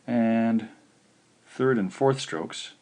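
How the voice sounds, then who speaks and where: A man teaching in a recorded video lesson, patient and slow, saying each syllable out clearly. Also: mid-range voice, a little mellow. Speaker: language teacher.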